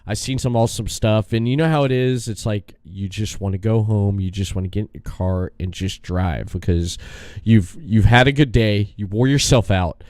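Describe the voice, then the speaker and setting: A man's voice: on the low side, normal speed, few pauses, a little mellow, dry recording, clean studio sound. A man hosting a podcast, telling a rambling story in casual chat, acting out his own outbursts and laughing often. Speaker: podcast host.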